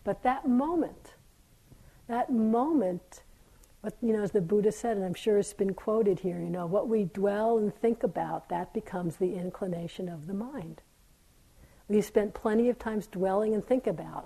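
Soft-spoken woman giving a dharma talk. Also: medium pitch, measured pace, slightly rough, poor audio. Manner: gentle, reflective, drifting into soft near-whispers. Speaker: meditation teacher. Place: meditation hall.

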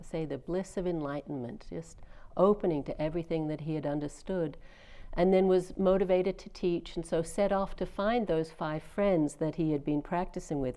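A middle-aged woman teaches at a meditation retreat, telling the story in a relaxed, conversational way with small fillers and restarts. Her voice sits a little low and sounds warm and mellow, and she speaks like a teacher giving a dharma talk.

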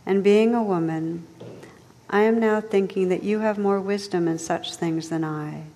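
A woman's voice: mid-range voice, measured pace, dark tone, close to an everyday voice. A woman reading a devoted young knight. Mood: humble. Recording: long hall reverb.

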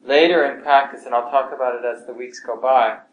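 A man teaching a meditation class in a calm, unhurried way, often letting his voice trail off softly. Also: medium pitch, muffled recording. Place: class room at a meditation center. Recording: roomy with faint background hiss.

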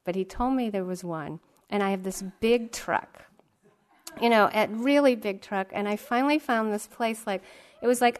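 A middle-aged woman from Massachusetts, a meditation teacher giving a talk, telling a story in a chatty, self-mocking way with many asides. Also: mid-range voice.

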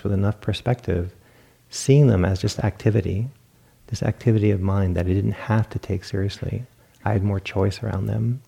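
Low gravelly guy giving a meditation talk, mellow and easygoing, kinda chuckly. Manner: relaxed, reflective storytelling with self-amused laughs. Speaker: meditation teacher. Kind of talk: dharma talk at a retreat. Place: meditation hall.

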